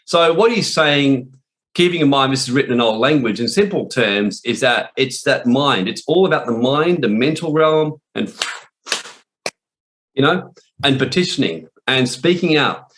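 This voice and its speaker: Guy preaching casual and blunt, swears a lot, keeps restarting, medium pitch. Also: expressive, normal speed, a bit bright. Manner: blunt, profane, rambling with restarts. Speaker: spiritual warfare teacher. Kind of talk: informal preaching talk.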